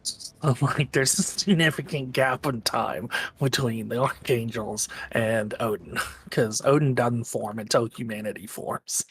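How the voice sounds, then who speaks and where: A man chats casually over a video game, trading teasing banter with his co-host. His voice sits at an ordinary middle pitch. A faint hiss runs under the recording. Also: measured pace. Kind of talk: casual gaming chat.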